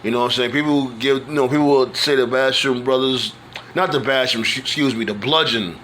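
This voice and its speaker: A man's voice: medium pitch, fairly quick, fairly bright tone, a little hiss or hum. A man talking casually in a loose, rambling monologue, full of fillers and restarts. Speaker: wrestling fan vlogger.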